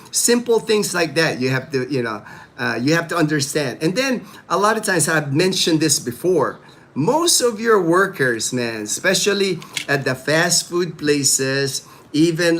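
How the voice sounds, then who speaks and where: Rambling man hosting a livestream chat. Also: fairly high pitch. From Philippines. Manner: rambling, animated, many "you know" fillers. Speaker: livestream host. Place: home in the Philippines.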